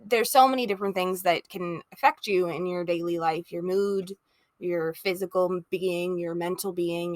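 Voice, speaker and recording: A young woman hosting a let's play, reading a story game aloud and reacting to it in a chatty, expressive way. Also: fairly low pitch, no room sound. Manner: chatty, expressive, laughs often. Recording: voice over background music.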